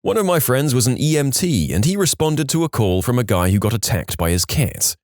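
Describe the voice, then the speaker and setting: A man narrates reader-submitted stories in a brisk, scripted storytime style, his pitch bouncing in a lively, animated way. Wry jokes slip in between tales, and the close, dry recording carries no room sound or echo.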